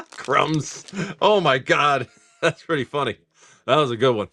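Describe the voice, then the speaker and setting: A man hosting a live stream, rambling casually, swearing freely, and reading off card names in quick lists. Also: mid-range voice, pushed and bright, a little hiss or hum. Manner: rambling, swears freely, laughs often at chat. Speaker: live-stream host opening card packs.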